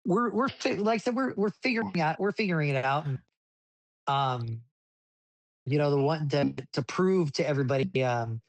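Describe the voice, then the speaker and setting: A man telling racing stories in a casual interview, rambling with many restarts and getting animated as he recounts events. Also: on the high side, moderate pace, dry recording. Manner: rambling with frequent restarts, animated when retelling. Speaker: desert racing driver, podcast guest.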